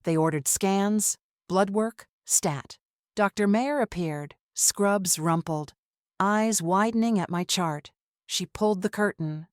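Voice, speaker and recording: A woman storyteller reading a tense drama in short, measured phrases. Her voice sits fairly low and moves at an unhurried, very slow pace. The recording is dry and close. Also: dry recording. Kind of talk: scripted dramatic narration.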